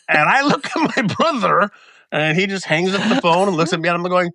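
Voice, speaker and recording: Male podcast co-host, expressive storyteller, bright tone. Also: high-pitched, fairly quick, no echo, studio quality. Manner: animated storyteller who acts out the people in his stories. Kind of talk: casual storytelling chat.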